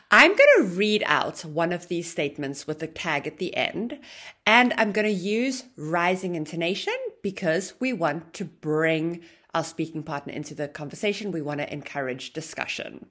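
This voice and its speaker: A woman teaching an online English grammar lesson, explaining with a lively, sing-song intonation. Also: fairly low pitch, moderate pace.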